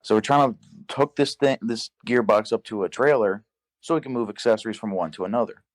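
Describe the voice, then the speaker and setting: Low-voiced young man swearing through a story. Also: a little fast. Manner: profane, animated retelling with quoted dialogue. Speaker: podcast guest. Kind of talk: casual storytelling.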